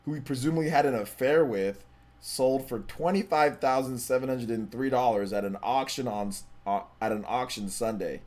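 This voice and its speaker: A young man hosting a gaming livestream. He chats casually, reads out donations and viewer questions, and repeats himself in relaxed slang. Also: medium pitch. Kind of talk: casual live-stream chat, reading donations and chat.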